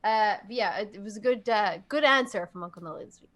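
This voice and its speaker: A woman's voice: medium pitch, quick pace, fairly bright tone. A woman hosting a podcast in casual chat, chatty and jokey, laughing often. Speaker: podcast host.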